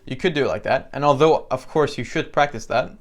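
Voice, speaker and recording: A man teaching piano in a relaxed, conversational way with frequent fillers, counting beats aloud. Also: mid-range voice, brisk. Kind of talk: instructional tutorial. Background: piano playing between phrases.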